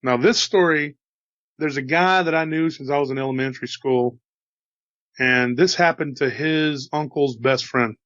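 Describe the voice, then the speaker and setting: A man's voice: mid-range voice, normal speed, a bit bright, no room sound, muffled recording. A man with a slight Texas drawl telling a story in a casual, chatty way, with folksy asides to his listeners. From Texas, USA. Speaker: host telling encounter stories.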